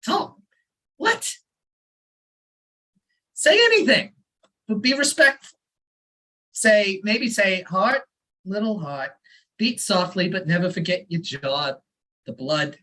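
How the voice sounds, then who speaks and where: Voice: mid-range voice, very animated, slow, pauses often, sharp tone, heavily acted, poor audio. A performer voicing an elderly immigrant father who lectures earnestly, reading a story aloud at an open mic. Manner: fussy, insistent advice-giving.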